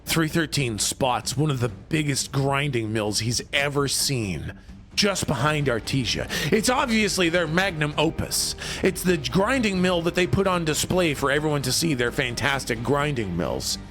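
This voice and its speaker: A man narrating a tabletop game on a live stream as game master. He is excitable and breaks into laughter and shouts. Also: a little high, moderate pace, soft background music.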